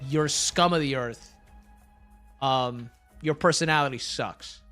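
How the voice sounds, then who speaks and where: A man's voice: mid-range voice, takes it slowly, a bit bright, soft background music. A young man streaming live, chatting casually with his chat in a blunt, crude, rambling way.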